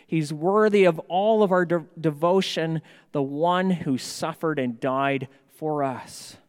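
A man preaching a sermon as pastor, slow and measured, with emphatic rises on key words. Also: a little high, clean tone. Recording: long hall reverb.

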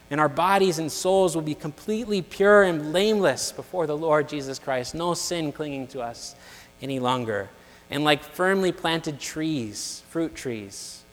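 A man preaching a sermon in an earnest, measured way, building his points through repeated phrases. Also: on the high side. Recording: long reverb of a large hall.

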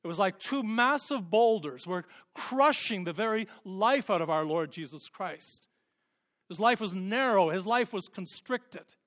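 High-voiced impassioned male preacher. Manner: impassioned, rising to emphatic peaks then dropping to hushed tones. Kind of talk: sermon.

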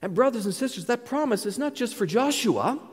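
A man's voice: very high voice, lively intonation, a little fast, slightly rough. A male pastor preaching a sermon, earnest and building to emphatic declarations. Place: church sanctuary. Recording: reverberant church hall.

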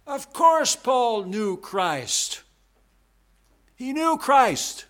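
Male pastor, sermon, slow deliberate delivery, emphatic repetition. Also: very animated. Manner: emphatic, repetitive preaching with big swings in pitch and loudness.

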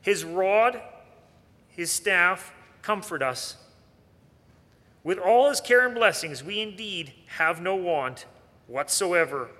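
High, bright-voiced preacher in a reverberant hall. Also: male voice, animated, slow pace, long pauses. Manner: earnest preaching with rhetorical questions. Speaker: pastor. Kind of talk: sermon.

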